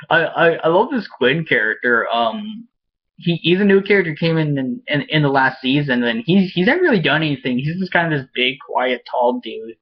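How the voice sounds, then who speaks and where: A man's voice: fairly high pitch, lively intonation, breathy edge. A man giving a casual spoken review of a TV episode as an enthusiastic fan who rambles, halts and restarts his sentences. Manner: rambling and halting, with many restarts; enthusiastic fan, laughs often. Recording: dull lo-fi recording.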